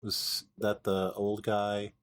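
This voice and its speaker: Deep voice podcast dude, chill banter, curious questions, laughs a lot. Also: male voice, monotone, takes it slowly, smooth. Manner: laughs often, curious quips. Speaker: podcast co-host. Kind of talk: casual chat.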